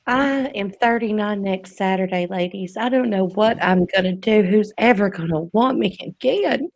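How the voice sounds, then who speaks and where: A woman's voice: medium pitch, moderate pace, darkish tone, lightly acted. A woman putting on a whiny Southern belle. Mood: self-pitying. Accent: put-on Southern US. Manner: exaggerated self-pitying whine.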